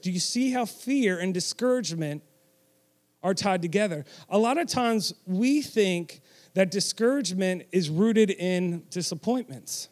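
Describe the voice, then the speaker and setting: Male preacher, high-pitched, emphatic, draws the congregation in to repeat lines. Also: lively intonation, moderate pace, darkish tone. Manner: emphatic, with audience call-and-response and self-deprecating asides. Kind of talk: sermon.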